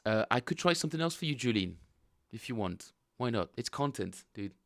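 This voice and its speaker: A man chatting casually with viewers while streaming his bass practice, rambling and thinking aloud. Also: expressive, brisk, a bit bright, dry recording, clean studio sound. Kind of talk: casual livestream chat.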